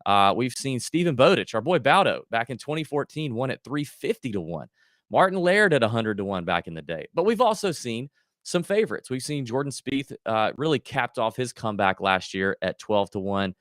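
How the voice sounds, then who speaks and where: A man's voice: mid-range voice, big pitch swings, moderate pace, fairly bright tone, no room sound, studio quality. A man hosting a golf betting livestream, chatting casually and thinking aloud with lots of fillers and restarts. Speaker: golf betting podcast host.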